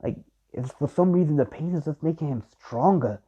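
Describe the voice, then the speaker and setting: A man's voice: on the high side, a little fast, husky. A young man improvising fan-fiction narration in a rambling way, full of fillers and restarts, on a dull lo-fi recording. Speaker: fan storyteller.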